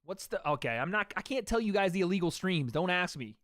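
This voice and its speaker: Man, livestream fight commentary, chatty, swearing, somewhat high voice, dry close sound. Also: very animated, brisk, fairly bright tone, no echo. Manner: chatty, swears freely, talks to chat between calls. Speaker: livestream host. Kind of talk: fight watch-party commentary.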